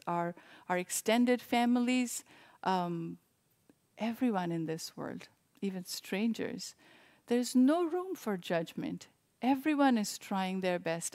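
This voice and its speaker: Woman, sermon, gentle, reflective, mid-range pitch. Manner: gentle, reflective, with frequent restarts. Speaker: service leader.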